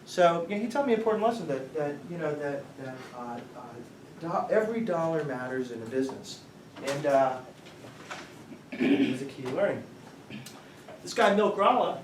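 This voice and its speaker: Rambling middle-aged man lecturing in an echoey room. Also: on the high side. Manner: rambling storyteller, quizzes the audience. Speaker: guest speaker, company founder. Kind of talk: informal lecture to students. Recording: roomy, distant mic, faint noise.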